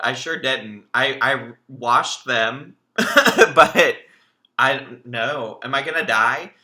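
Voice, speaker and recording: Bright, chatty man hosting a livestream. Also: medium pitch, slow. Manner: chatty, animated storytelling, addresses viewers as y'all. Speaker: livestream host. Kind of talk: casual reaction commentary.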